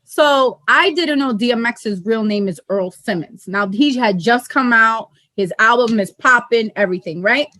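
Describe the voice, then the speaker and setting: A young New woman tells a story on her podcast, animated and salty, laughing as she goes. Her voice sits high in her range. The sound is dry and close, with no room around it. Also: moderate pace, few pauses, no echo. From New York. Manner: animated, profane, laughs often. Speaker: podcast co-host. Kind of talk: casual chat, storytelling.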